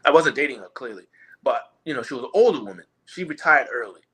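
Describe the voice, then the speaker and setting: A man holds forth in a casual chat, his pitch swinging widely as he pushes his points. The voice has a bright, forward edge. He talks emphatically and rambles, often restarting his sentences. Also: animated, quick pace, husky.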